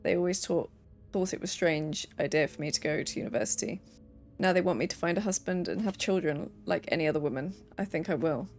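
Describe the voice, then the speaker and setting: A woman's voice: lowish voice, a little fast, a little mellow. A young woman streaming a game, reading letters and notes aloud with playful asides.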